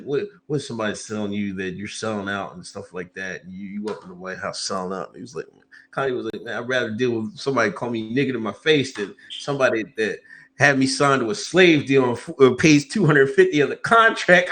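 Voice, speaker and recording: Co-host dude, bright sharp voice, laughs a lot, reads shout-outs hyped up. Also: male voice, lowish voice, a little fast, slight background noise. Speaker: podcast co-host. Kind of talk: casual podcast chat.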